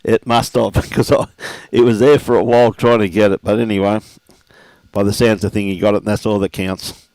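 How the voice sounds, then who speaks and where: A man's voice: fairly low pitch, flat delivery, a little fast, a little mellow, no echo. Laid-back Australian male bowls commentator. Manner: laid-back, chatty, greets viewers by name. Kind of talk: live sports commentary with viewer shout-outs.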